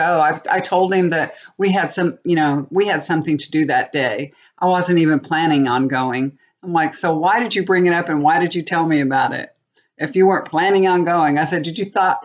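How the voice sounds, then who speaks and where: An older woman talking casually to her viewers in a slightly low voice. She rambles from story to story and teases herself as she goes. The recording sounds dull and lo-fi, as if made at home. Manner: chatty, rambling, laughs at herself. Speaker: tarot reader.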